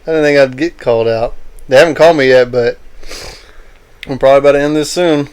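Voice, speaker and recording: A young man with a mid-pitched voice talks in a laid-back, slangy way on a podcast. His words sometimes trail off into a mumble. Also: fairly even intonation, fast, darkish tone, clean tone. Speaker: podcast co-host. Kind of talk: casual chat.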